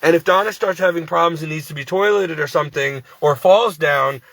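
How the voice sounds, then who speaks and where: A man's voice: on the high side, brisk, gravelly, fairly bright tone, dry recording. A sleep-deprived man working as a part-time caregiver, venting to camera in a rambling, exasperated, pleading way. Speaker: devout Christian.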